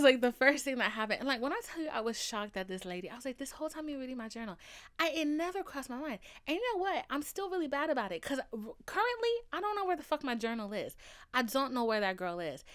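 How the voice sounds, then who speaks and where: Lively young woman telling stories. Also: high-pitched, brisk. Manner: animated, profane, says "okay?" often. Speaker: podcast host. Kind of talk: casual storytelling monologue.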